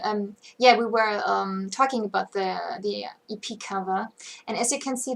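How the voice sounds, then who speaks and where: Woman, German accent, slow halting speech, casual band livestream chat. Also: mid-range voice. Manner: halting, searches for words. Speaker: band member co-hosting a livestream.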